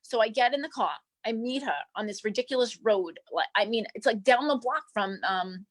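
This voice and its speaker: A woman's voice: fairly high pitch, brisk, lightly acted. A comic actress playing a flamboyant female manicurist to Hollywood stars, rambling through breezy gossip and calling everyone darling and doll. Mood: gossipy. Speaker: guest. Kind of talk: improvised comedy character interview.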